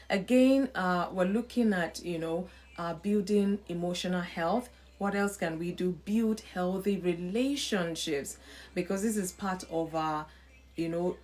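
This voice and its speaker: A woman's voice: fairly low pitch, a little mellow. Earnest woman teaching on a live stream. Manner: earnest, repeats points and asks rhetorical questions; greets viewers by name mid-talk. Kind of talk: faith-based teaching talk.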